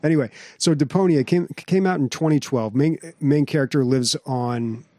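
A man's voice: mid-range voice, moderate pace, warm tone, no echo, clean studio sound. A man co-hosting a podcast, chatting casually about games and movies, rambling and trailing off mid-thought. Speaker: podcast co-host.

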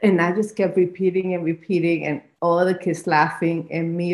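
A woman with a Spanish accent, Spanish her first language, telling her life story as an interview guest, reflective and halting, often restarting. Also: fairly low pitch, little pitch movement, roomy sound. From Spanish-speaking country. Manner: reflective, many restarts and fillers. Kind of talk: personal storytelling.

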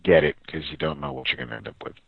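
A man's voice: fairly low pitch, big pitch swings, rapid-fire, creaky, breathy edge, no echo, muffled recording. A man co-hosting a comic book podcast in casual chat, hesitant and repeating words. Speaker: podcast co-host.

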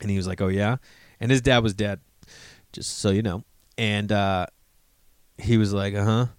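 A man's voice: fairly low pitch, fairly even intonation, normal speed, clean tone, no room sound. An American comedian in his forties tells a rambling personal story, swearing freely and acting out bits of quoted dialogue. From United States.

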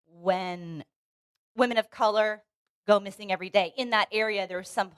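A woman's voice: medium pitch, moderate pace, clean tone, no echo. A woman co-hosting a casual podcast chat, earnest and opinionated, restarting her sentences often. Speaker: podcast co-host. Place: Los Angeles.

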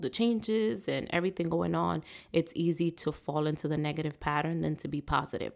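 Woman, podcast host, solo monologue, motivational, low-ish voice, creaky. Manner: uplifting, preacher-like encouragement.

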